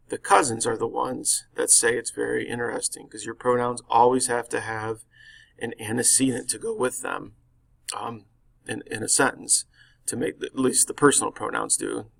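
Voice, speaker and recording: A man's voice: mid-range voice, creaky. A man teaching a grammar lesson, explaining each answer step by step and reading the example sentences aloud. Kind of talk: recorded grammar lesson walkthrough.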